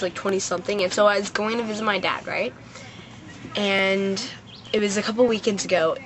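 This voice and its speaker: A woman's voice: medium pitch, noisy background. A teenage girl ranting casually to camera, chatty and rambling, full of "like" and "I was like" as she tells a story outdoors. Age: teens. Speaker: vlogger.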